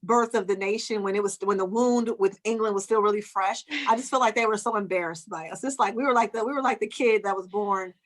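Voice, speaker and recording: A woman's voice: mid-range voice, quick pace, few pauses. A woman talking animatedly in a casual podcast chat, often laughing and acting out quoted voices. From United States. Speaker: guest author and comedian.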